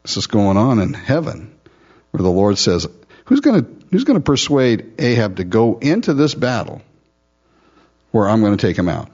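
Husky pastor with a lively delivery. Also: male voice, on the low side, normal speed, highs cut off. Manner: laughs often, acts out Bible figures sarcastically. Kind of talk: sermon, verse-by-verse Bible teaching.

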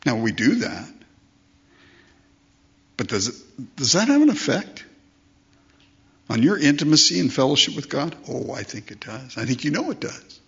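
A man's voice: on the high side, big pitch swings, a little slow, pauses often, fairly bright tone. A man preaching a conversational sermon, asking rhetorical questions and acting out the voices he quotes. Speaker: pastor. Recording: dull lo-fi sermon recording.

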